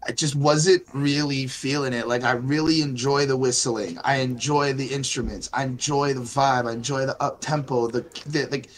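A man's voice: mid-range voice, fairly even intonation, normal speed, hardly any pauses. A man reviewing songs in a casual chat, hesitating and searching for words as he goes. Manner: hesitant, many fillers and restarts. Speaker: music reviewer.

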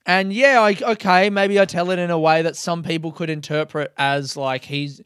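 A man's voice: on the high side, fairly even intonation, moderate pace, a bit bright, clean tone, no room sound. A man hosting his own podcast in a casual solo monologue, talking in a candid, reflective and slightly self-mocking way into a close microphone. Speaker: comedian and podcast host.

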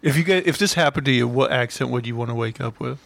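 A man's voice: mid-range voice, fast, creaky, a bit bright, no room sound. Rambling man on a dry-sounding podcast. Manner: rambling, full of "like" fillers, laughs often. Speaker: podcast co-host. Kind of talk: casual chat.

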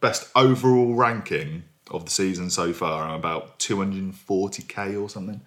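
Young male podcast host from Berkshire, very low voice, dry self-mocking humour. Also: normal speed. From Berkshire, England. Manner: jokey, self-mocking, trails off quietly. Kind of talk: casual banter podcast. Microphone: remote recording.

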